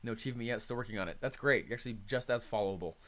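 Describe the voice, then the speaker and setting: A man's voice: medium pitch, rapid-fire, a bit bright. A man leading a live online coaching call, talking energetically and conversationally and reacting to chat comments.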